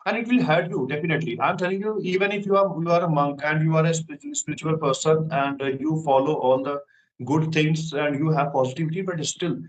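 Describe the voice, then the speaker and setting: A man's voice: fairly high pitch, fast talker, rough recording. A man in a casual English practice conversation, answering earnestly with repeated words and fillers. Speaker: conversation partner answering questions.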